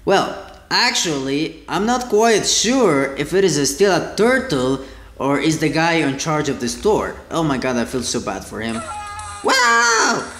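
A man with a high, lively voice gives let's play commentary, breaking into excited exclamations as he plays. He speaks at an unhurried pace in a roomy, echoing space with faint game music behind him. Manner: excitable, exclaims and laughs often. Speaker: gaming channel host.

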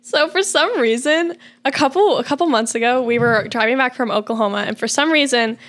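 A woman's voice: sits high, fairly bright tone. A young woman co-hosting a podcast, telling personal stories in casual chat full of "like". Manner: rapid, filler-heavy storytelling. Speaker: podcast co-host.

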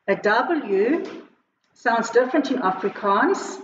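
Slow, clear South African woman teacher. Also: on the high side, lively intonation, a little hiss or hum. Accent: South African English. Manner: slow, clear teacherly explanation, switching between Afrikaans and English. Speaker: primary school teacher. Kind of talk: recorded online Afrikaans lesson. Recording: echoey, muffled home video recording.

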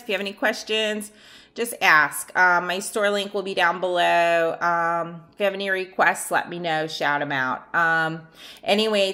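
A woman's voice: mid-range voice, pushed and bright. A woman chatting casually in a vlog as she shows off nail art supplies from her online shop, rambling with lots of ums. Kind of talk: casual product showcase vlog.

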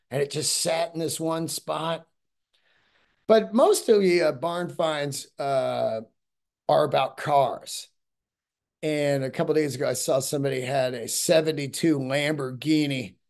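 A man hosts his own podcast in a loose, rambling monologue, swearing freely and slipping into the voices of the people in his stories. His voice sits a little higher than most men's. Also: a little mellow. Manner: rambling, profane, acts out quoted people. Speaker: podcast host. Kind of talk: casual monologue.

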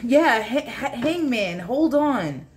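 A woman doing a solo tarot reading, talking straight to the viewer in a halting, repetitive way, often swearing and asking aloud for cards. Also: a little high, animated, a little mellow. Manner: blunt and profane, talks straight to the viewer; halting, repeats herself, asks aloud for cards. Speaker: tarot reader.

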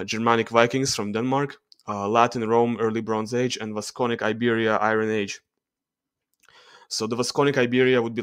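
A man's voice: lowish voice, clean tone, dry recording. A man with a Russian accent, explaining charts in a hesitant voice-over with frequent fillers and self-corrections. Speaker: genetics video creator.

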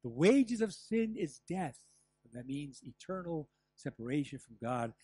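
An older man preaching a sermon as pastor, telling stories with lively asides and the odd laugh. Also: a little high, a little slow. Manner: animated storytelling with asides and laughs. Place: church.

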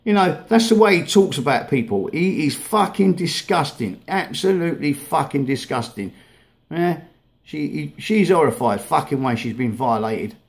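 Man, angry vlog rant, heavy swearing, halting restarts, slightly high voice. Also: animated, vocal fry. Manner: swears heavily, halting and repetitive. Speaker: vlogger. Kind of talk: angry rant over played videos.

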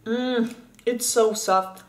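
A woman's voice: a little high, steady tone, drawn-out words, rough recording. A woman from Spain in a casual vlog, chatting and eating as she tries candy, often restarting her words. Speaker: vlogger.

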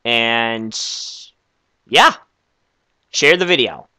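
Young man, excitable, stammering, lively bright voice, slow delivery. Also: mid-range voice, clear, resonant tone, no room sound. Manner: excitable, stammering, easily flustered. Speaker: video creator. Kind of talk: comedic game skit.

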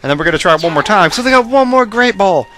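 A young gaming commentator rambles casually over a video game, his high-sitting voice racing, strained and worn out, and bursting into excited shouts.

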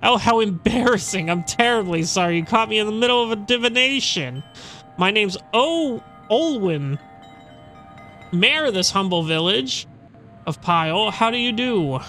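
A man's voice: sits high, expressive, normal speed, bright, forceful tone, faint music behind. A man reading out a nervously polite, flustered female village mayor from a game. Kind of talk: reading game dialogue aloud.

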